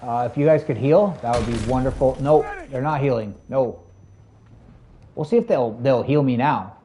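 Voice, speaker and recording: A man streaming a shooter game, chatting casually with his viewers in a rambling, filler-heavy way that jumps to excited highs. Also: normal speed, slightly rough. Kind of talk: casual live-stream gameplay chat.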